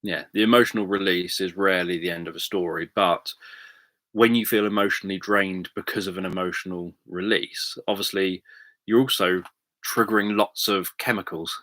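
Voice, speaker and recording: A man's voice: sits low, fairly even intonation, moderate pace, a bit bright, dry recording. A man, a hypnotherapist chatting casually on a livestream, thinking aloud with many fillers. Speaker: hypnotherapist answering viewer questions.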